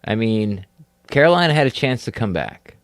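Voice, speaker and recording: A man with a lowish voice co-hosts a casual sports chat. He rambles through his points, padding them with fillers, and the recording is dry with no room sound. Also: sing-song, moderate pace, dry recording. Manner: rambling, heavy on fillers, laughs often. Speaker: podcast co-host.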